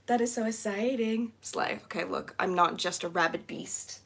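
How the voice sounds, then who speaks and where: A young woman live streaming while she cleans, chatting casually with giggly, rambling asides and excited squeals. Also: mid-range voice, normal speed. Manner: bubbly, squealing excitedly at new members.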